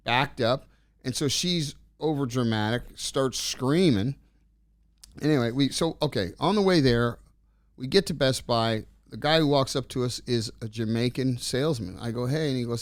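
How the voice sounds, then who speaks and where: A middle-aged man telling stories in a casual interview, rambling and animated as he acts out the dialogue. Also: medium pitch, a little fast, no echo, clean studio sound. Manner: rambling, animated storyteller acting out quoted dialogue. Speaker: interview guest.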